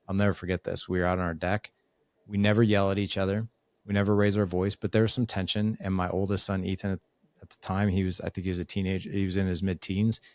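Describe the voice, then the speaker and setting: A man's voice: deep voice, dry recording. A middle-aged man, a father and author, talking as a podcast guest and acting out family conversations as he tells stories. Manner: storytelling, acts out family dialogue.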